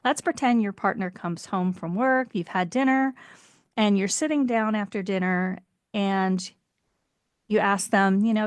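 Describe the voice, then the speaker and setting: A woman relationship coach, calmly explaining advice for couples and acting out short example exchanges. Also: mid-range voice, a little slow, smooth, dry recording. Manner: calm, explanatory, acts out example dialogue.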